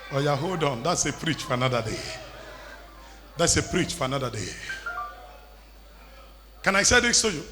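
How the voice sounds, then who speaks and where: A man preaching a sermon, emphatic, repeating lines and building to shouts, in an echoey church hall with faint music. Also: fairly high pitch. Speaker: pastor.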